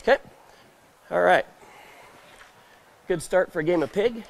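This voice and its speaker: A man's voice: high voice, unhurried, gravelly. A man gives a live roping demonstration on a trade show stage, quizzing the crowd and acting out scenes in a folksy way.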